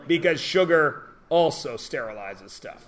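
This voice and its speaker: A man teaching a math class in a classroom, chatty and teasing, often checking in with quick questions. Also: fairly high pitch, animated, fairly bright tone. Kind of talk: classroom lesson.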